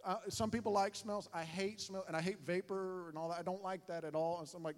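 A man preaching from a church sanctuary, his fairly high voice bouncing through a long echo. He tells stories with lively, self-mocking animation and keeps shifting into voices. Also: brisk, hardly any pauses. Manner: animated, self-mocking storyteller with many voice changes. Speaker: pastor. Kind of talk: sermon storytelling. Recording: echoey hall with long reverb.

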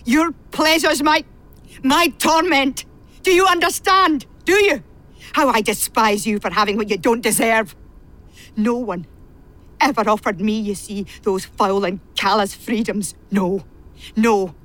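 In a radio play, an actress with a steady, natural mid-range voice speaks at a measured pace. Her character is a bitter, repressed woman who has served a family since childhood and now pours out a venomous confession.

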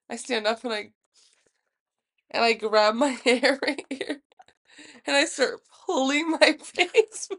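A young woman co-hosting a podcast, telling a story in a casual, profane, animated way and acting out the quotes. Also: sits high, slow, long pauses. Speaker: podcast co-host. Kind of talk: casual chat.

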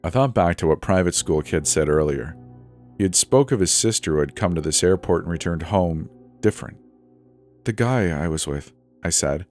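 A man reading a first-person horror story in a measured, suspenseful way. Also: low-pitched, darkish tone, faint music behind.

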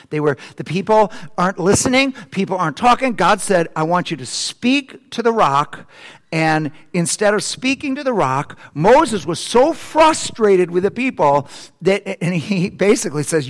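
Casting: high-voiced male pastor, animated preacher, big loud-to-soft swings, long hall reverb. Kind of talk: sermon.

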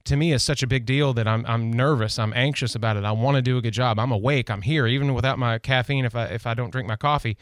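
A man's voice: medium pitch, fairly even intonation, quick pace, hardly any pauses, dry recording. Chatty male radio talk host, dry studio sound. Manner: chatty, rambling, self-deprecating. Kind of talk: casual radio chat. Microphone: studio microphone.

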